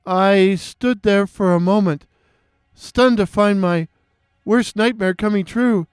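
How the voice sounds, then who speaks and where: A man narrates a creepy first-person story, slow and deliberate, full of nervous stops and restarts. His voice sits high and sounds smooth and clear. The recording is close and dry. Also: no room sound. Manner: dramatic, halting, with nervous restarts.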